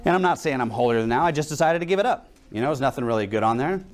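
A man's voice: medium pitch, lively intonation, racing. A young adult man preaching a sermon in a conversational way, telling stories and asking rhetorical questions.

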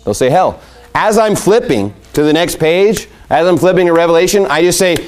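A man's voice: fairly high pitch, expressive, a little fast, a little mellow, faint music behind. A man teaching how to share the gospel in a conversational way, asking rhetorical questions and acting out both sides of an exchange. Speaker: evangelism teacher. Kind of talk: instructional talk on sharing the gospel.

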